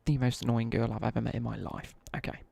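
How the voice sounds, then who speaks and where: A young man from the English Midlands tells rambling school stories in casual slang while streaming a game. His voice is heavily gravelly and rough, with a husky edge. The sound is dry and close. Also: mid-range voice, little pitch movement, fast talker, warm tone, no room sound. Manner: rambling slangy storytelling, chatting to viewers. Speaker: live streamer. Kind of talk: casual chat while gaming.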